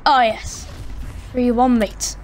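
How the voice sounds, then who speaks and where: A woman giving excited, chatty commentary on her own basketball video game match, hosting her gaming channel from a room at home. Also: fairly high pitch, takes it slowly, slight background noise. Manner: excitable, chatty, cheers and groans at plays. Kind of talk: live gameplay commentary. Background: friends talking in the background.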